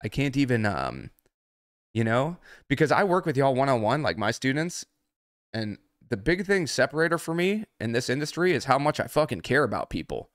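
A man's voice: medium pitch, sing-song, normal speed, fairly bright tone, no room sound, clean studio sound. A man working as a trading mentor, ranting angrily and swearing heavily on a livestream. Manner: angry, heavily profane. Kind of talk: livestream rant.

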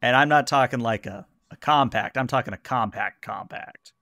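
A man's voice: mid-range voice, normal speed, pushed and bright, dry recording, studio quality. A man playing a smug, flirty stranger on the street. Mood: teasing.

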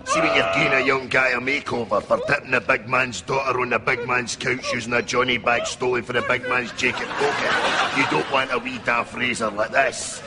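A man's voice: medium pitch, very noisy, natural voice. A man with a Scottish accent playing a brash, boastful "big man" in a mock advert sketch.

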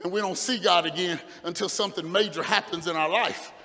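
A male pastor preaching a fervent sermon, dropping to quiet asides and rising to shouts. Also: high-pitched, a little fast, big-room sound, background noise. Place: church sanctuary.

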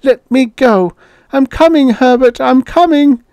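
A man's voice: extremely high pitch, measured pace, dry recording, voice pushed up. A man voicing a frantic old woman, a desperate grieving mother who screams and pleads, panting. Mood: frantic screaming.

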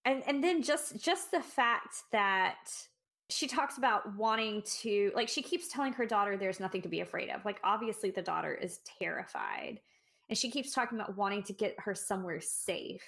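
A woman's voice: medium pitch, lively intonation, normal speed, fairly bright tone. Reflective woman co-hosting a book podcast. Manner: reflective, thinking aloud with restarts. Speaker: podcast co-host. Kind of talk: casual book discussion.

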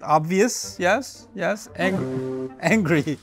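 A man's voice: a little high, expressive, a little slow, soft background music. A man casually and playfully guessing the meaning of slang words, thinking aloud and joking at his own guesses. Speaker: speaker reacting to slang list. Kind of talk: casual comedic monologue.

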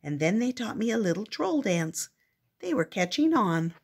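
Husky grandmother reading a storybook. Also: medium pitch, moderate pace. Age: older. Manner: expressive storybook narration. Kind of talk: reading a picture book aloud.

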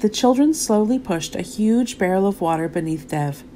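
Animated woman reading a storybook. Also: medium pitch, moderate pace, a little hiss or hum. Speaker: narrator. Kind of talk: storybook read-aloud.

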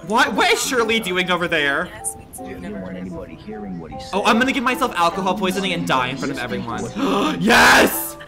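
A man's voice: very animated, moderate pace, gravelly, music in the background, exaggerated voice. A streamer role-playing a catty, dramatic woman at a wedding in a game, calling everyone darling, profane and theatrical. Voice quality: theatrical, swoops high on exclamations.

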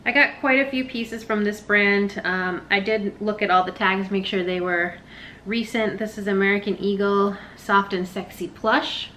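Bright-voiced chatty woman vlogger. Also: mid-range voice, steady tone, a little hiss or hum. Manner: quick, chatty, self-deprecating asides. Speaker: reseller vlogger. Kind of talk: casual haul vlog. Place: living room, sitting on the floor.

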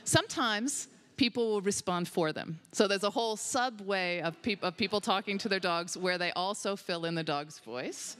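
A woman's voice: mid-range voice, moderate pace, hardly any pauses, fairly bright tone. A woman being interviewed as a researcher, telling stories with enthusiasm and animation. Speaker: guest researcher on dog cognition. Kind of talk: conversational interview answers. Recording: long hall reverb.

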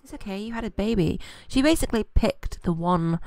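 A woman's voice: medium pitch, lively intonation, brisk, a little mellow, no echo. A British woman hosting a gaming channel, giving casual, rambling let's-play commentary full of fillers. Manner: chatty and rambling, with many fillers.

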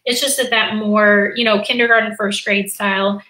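A woman's voice: mid-range voice, steady tone, moderate pace, sharp tone, echoey room, poor audio. A young adult woman teacher explaining and modeling a lesson in a live stream, with frequent fillers and restarts. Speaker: teacher and literacy educator.

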